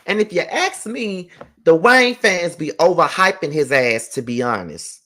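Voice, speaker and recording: A man's voice: a little high, sing-song, measured pace, pushed and bright. A man hosting his own vlog, ranting heatedly with plenty of profanity and repetition, speaking from home. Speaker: vlogger host. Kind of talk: casual ranting vlog commentary.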